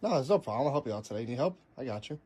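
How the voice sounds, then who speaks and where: A man's voice: mid-range voice, animated, racing, a little mellow, husky. A man playing an overly eager grown son in a comedy sketch, breezily agreeing to help. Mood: agreeable. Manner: breezy, agreeable, laughing off accusations.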